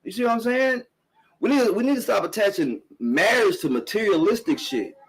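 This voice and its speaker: Man, middle-aged, slightly high voice, blunt swearing podcast rant, emphatic and repetitive. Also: lively intonation, normal speed, husky, low-quality recording. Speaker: podcast host on a live stream. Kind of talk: casual profane commentary rant.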